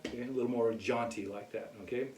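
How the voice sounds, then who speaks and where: A man teaching a casual music lesson in a relaxed way, often checking in with "okay?". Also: mid-range voice, fast. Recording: echoey room, mic far off.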